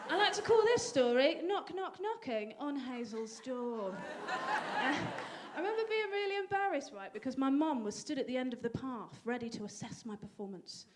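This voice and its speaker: A young woman from England performing a stand-up comedy set with a dry, self-deprecating delivery and sudden high bursts. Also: expressive, moderate pace, a little hiss or hum. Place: comedy venue stage. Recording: live audience laughter.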